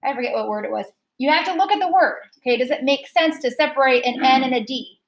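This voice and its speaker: High-voiced teacher drilling phonics syllables. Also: female voice, poor audio. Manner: slow, repeats words to stress syllables. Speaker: second grade teacher. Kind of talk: phonics lesson.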